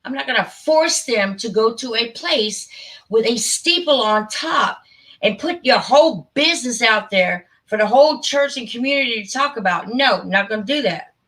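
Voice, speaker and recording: A woman's voice: a little high, lively intonation, moderate pace, hardly any pauses, fairly bright tone. Emphatic, rambling woman streamer. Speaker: channel host. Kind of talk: casual live-stream talk.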